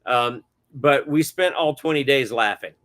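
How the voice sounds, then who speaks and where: A middle-aged man speaks as an interview guest, moving through his stories with plenty of hesitant fillers. His voice sits at an ordinary pitch, and his tone stays casual and chatty. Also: measured pace, fairly bright tone. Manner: rambling, many hesitant fillers, chuckles often. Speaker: guest cinematographer.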